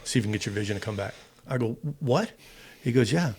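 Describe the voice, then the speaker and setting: A man's voice: fairly low pitch, steady tone, very fast, darkish tone, breathy edge. A middle-aged American man, a former fighter pilot, casually telling a long personal story in an interview and acting out both sides of the dialogue. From United States. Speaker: podcast guest, retired fighter pilot.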